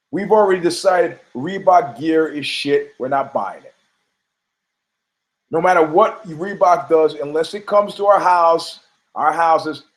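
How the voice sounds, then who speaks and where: Man, podcast host, slightly high voice, brash, profane, rambling commentary. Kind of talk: casual opinionated commentary.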